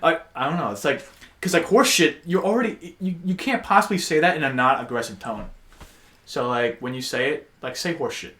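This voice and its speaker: Lively-pitched joking podcast guy. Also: brisk. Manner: joking, crude, does loud silly voices. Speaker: podcast co-host. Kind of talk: casual chat.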